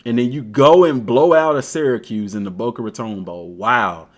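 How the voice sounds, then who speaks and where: Speaking at a moderate pace in a medium-pitched voice, a male streamer delivers animated, slangy play-by-play and calls out to his team directly.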